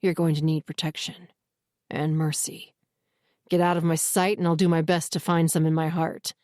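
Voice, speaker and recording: A woman voicing an older male werewolf leader, a former alpha, rough and stern with grief in his hushed voice. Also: a little high, flat delivery, normal speed, no echo, clean studio sound, natural voice. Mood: cold stern.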